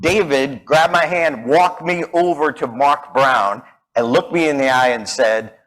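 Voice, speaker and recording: Animated man telling stories. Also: medium pitch, measured pace, poor audio. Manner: animated, acts out quoted voices. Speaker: public speaking coach. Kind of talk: storytelling keynote talk.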